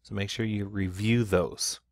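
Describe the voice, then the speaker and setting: A man's voice: on the low side, steady tone, a little slow, vocal fry, dry recording, clean studio sound. A middle-aged man teaching a recorded online Spanish lesson, explaining patiently with repeats and restarts and stressing key sounds.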